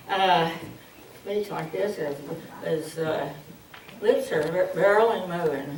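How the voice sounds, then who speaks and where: In a large hall, a woman gives a playful public speaking training talk, full of "uh" fillers as she acts out bad habits. Her voice is lowish, with slight background noise, recorded echoey and from a distance.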